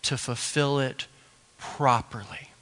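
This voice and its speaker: A male pastor, preaching a sermon slowly and deliberately, building to emphatic rises. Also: medium pitch, steady tone, fairly bright tone. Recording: long hall reverb.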